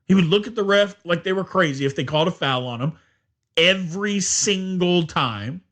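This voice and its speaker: A man hosting a casual sports podcast, talking in an animated, exasperated way and laughing often. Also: high voice, moderate pace. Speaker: podcast host.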